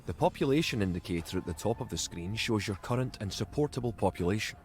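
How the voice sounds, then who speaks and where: An actor voicing a solemn Scottish tutorial narrator in a video game, speaking in a measured, instructive manner. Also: male voice, lowish voice, expressive. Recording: game audio with loud music.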